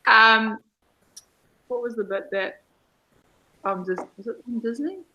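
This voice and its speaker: An Australian woman co-hosting a casual book discussion, chatty and quick to laugh. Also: a little high, sharp tone, muffled recording. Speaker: book club co-host.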